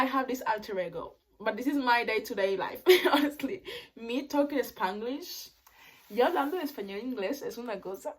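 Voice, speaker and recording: A woman in her twenties, a native Spanish speaker, talking in a casual vlog into her phone, swinging between loud excited bursts and quiet reflective stretches. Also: fairly high pitch, fairly quick. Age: 20s. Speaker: vlogger.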